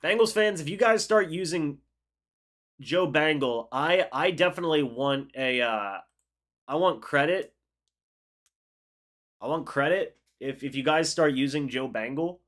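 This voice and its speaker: A young man hosting a live football reaction stream, calling the plays and chatting with viewers in an excitable, talkative way. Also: on the high side, measured pace, pauses often. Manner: excitable, chatty, reads chat aloud and calls plays. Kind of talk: live game reaction with play-by-play and chat replies.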